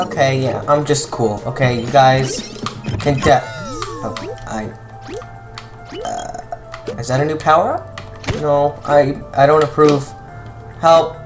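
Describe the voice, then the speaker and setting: A man doing casual gameplay commentary, rambling with self-mocking asides and sudden shouted outbursts. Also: medium pitch, slow, long pauses. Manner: excitable, jumps from mutters to shouted outbursts. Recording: game music playing underneath. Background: game music.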